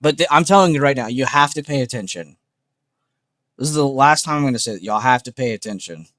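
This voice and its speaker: A man's voice: mid-range voice, lively intonation, quick pace, fairly bright tone, dry recording. A man hosting a trading livestream, talking in a blunt, emphatic, unscripted way, swearing often and repeating points.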